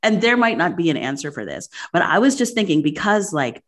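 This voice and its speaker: A woman's voice: on the low side, very animated, fairly quick. A woman hosting a casual interview, talking in a chatty way full of "like". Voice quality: chatty, frequent "like" fillers. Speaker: podcast host.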